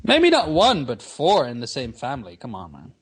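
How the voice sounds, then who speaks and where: Lively argumentative man, casual chat. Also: mid-range voice, moderate pace, slightly rough. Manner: animated, argumentative, says "man" a lot. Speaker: podcast co-host.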